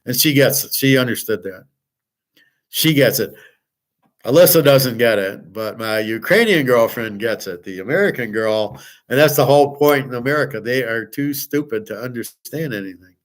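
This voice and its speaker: A man's voice: medium pitch, expressive, moderate pace, few pauses. An older man hosting a show, talking in a rambling, blunt personal monologue with frequent profanity. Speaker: show host.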